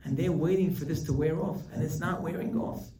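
Male rabbi, animated storyteller; mid voice, far mic in a roomy hall. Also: fairly quick, a little hiss or hum. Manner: animated storytelling, jumps high for emphasis. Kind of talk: weekly class sermon. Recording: roomy hall, distant mic, faint ambience.

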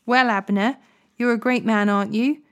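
A young male warrior, pleading and defiant, voiced by a woman reading scripture aloud. The voice climbs in pitch on emphatic questions. It stays a plain reading voice rather than a full character voice. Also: steady tone, moderate pace, darkish tone, natural voice. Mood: taunting.

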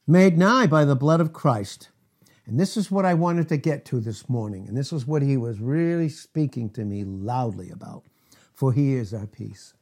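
A middle-aged man preaching a sermon as pastor, emphatic, asking rhetorical questions and swinging from loud to hushed. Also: mid-range voice, expressive, moderate pace.

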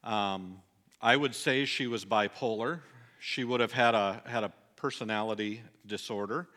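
In his sermon, a middle-aged pastor shares a personal story earnestly, his voice dropping soft and low at the sad moments.

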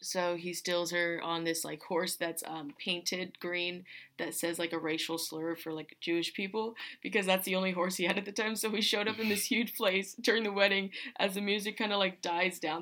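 Low, flat-voiced young woman rambling casually. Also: moderate pace. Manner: rambling, many fillers and restarts. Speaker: podcast host. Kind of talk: casual film recap.

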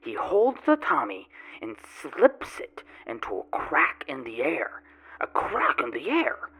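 A man's voice: on the high side, huge pitch swings, slow pace, sharp tone, heavily acted, low-quality recording. A man playing a rambling grubby tomato grower. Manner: rambling folksy storytelling with odd grammar. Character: grubby boastful male tomato grower, a drinker. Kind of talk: first-person character monologue. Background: music.

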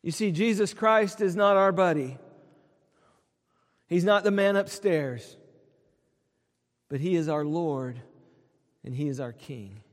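A man preaching a sermon, earnest, dropping quiet for tender quotes and swelling on lists. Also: a little high, slow pace, pauses often. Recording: long hall reverb.

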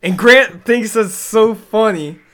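Young guy from the south cohosting a podcast, kinda high voice, goes off on joking tangents. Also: takes it slowly. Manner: energetic, joking, rambling storyteller. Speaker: podcast co-host. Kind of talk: casual chat.

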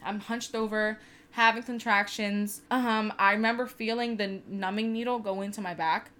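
A woman's voice: medium pitch, steady tone, moderate pace, bright, forceful tone. A woman in her twenties telling a personal story in casual chat, candid and profane with lots of "like". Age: 20s. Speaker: podcast co-host.

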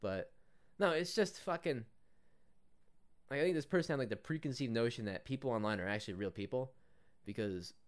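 A man's voice: medium pitch, fairly quick, pauses often. A young man hosting a podcast, telling a story in a casual, profane rant, often laughing and mocking people. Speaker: podcast host.

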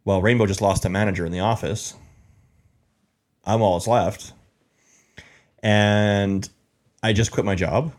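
A man's voice: on the low side, steady tone, unhurried, pauses often. A man telling his life story as an interview guest, rambling with lots of fillers and repeats.

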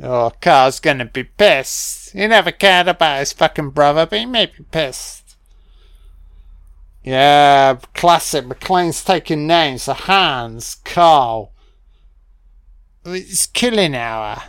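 Drunk, slow-talking man. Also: a little high, smooth, dry recording, studio quality. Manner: rambling, sweary, excitable. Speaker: film commentator. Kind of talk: audio commentary over a film.

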